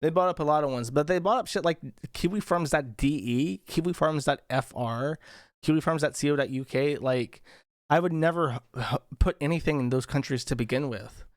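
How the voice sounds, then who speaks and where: A man's voice: fairly high pitch, fairly quick, dry recording, clean studio sound. A man on a casual livestream reads viewer donation messages aloud and riffs on them in a crude, profane, sarcastic way. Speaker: streamer reading viewer donations.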